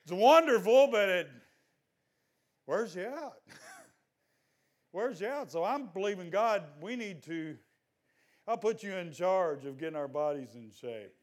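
An older man preaching a sermon in a folksy, exhorting way, at times breaking into loud shouts. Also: high-pitched, expressive, a little slow, long pauses.

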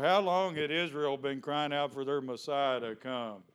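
Smooth-voiced pastor preaching. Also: male voice, fairly high pitch, slow pace, a bit bright. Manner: conversational preaching with rhetorical questions. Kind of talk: sermon.

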